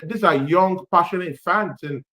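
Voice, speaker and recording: A man's voice: high voice, a little slow, a loud crowd. A man co-hosting a casual football podcast, talking in slangy, stumbling bursts. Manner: stumbling, slangy, says bro and brother.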